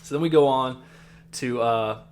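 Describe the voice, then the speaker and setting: A man's voice: mid-range voice, a little slow, darkish tone, clean tone. Rambling male podcast co-host. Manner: rambling, filler-heavy. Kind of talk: casual recap chat.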